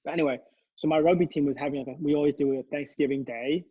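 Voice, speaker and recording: A man's voice: fairly high pitch, fairly even intonation, fast, slightly rough, no echo, phone-quality sound. A young man, a podcast co-host, telling a long story in casual chat, rambling and laughing, with many restarts. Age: young adult.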